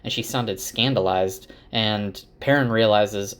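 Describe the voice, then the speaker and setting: A man's voice: fairly low pitch, steady tone, a little slow. Man, casual book-recap talker, rambly, restarts a lot. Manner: rambling with fillers and self-corrections. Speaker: book summarizer.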